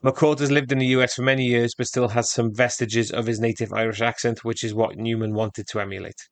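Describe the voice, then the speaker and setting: A man with a middle-pitched voice co-hosting a podcast and reading trivia aloud. His delivery is steady and matter-of-fact, and the recording is dry and close. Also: a little fast, no echo. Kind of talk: casual chat with read-out facts.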